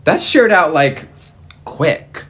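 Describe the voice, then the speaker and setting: A man's voice: fairly high pitch, takes it slowly. A man in his thirties reviewing makeup in a casual vlog, campy, sassy and freely swearing. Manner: campy, sassy and profane, lively exclamations.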